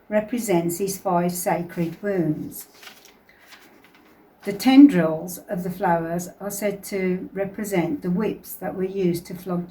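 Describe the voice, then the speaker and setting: A woman deacon reading a reverent devotional reflection in a steady way. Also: mid-range voice. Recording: distant mic on a livestream.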